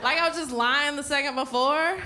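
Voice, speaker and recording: Woman, stand-up comedian, high voice, animated delivery, noisy room. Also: fairly quick, crowd noise. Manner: animated, mimics phone calls. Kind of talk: stand-up storytelling.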